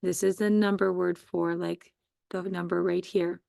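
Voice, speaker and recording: A woman's voice: lowish voice, flat delivery, unhurried, gravelly, a little mellow, dry recording, clean studio sound. A woman teaching a phonics spelling lesson to children, patiently sounding out letters and syllables one at a time.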